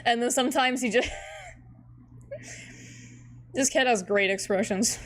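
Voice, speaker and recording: A woman hosting a casual read-through of a webcomic, giggly and excitable, swearing freely. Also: a little high, slow, a little hiss or hum. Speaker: host reading a webcomic aloud. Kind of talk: casual reading and commentary.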